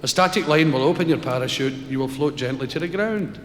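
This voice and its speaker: A Scottish man voicing a parachute instructor, giving brisk, reassuring instructions, recorded live in a concert hall. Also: fairly high pitch, a little hiss or hum, natural voice. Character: calm, matter-of-fact male parachute instructor.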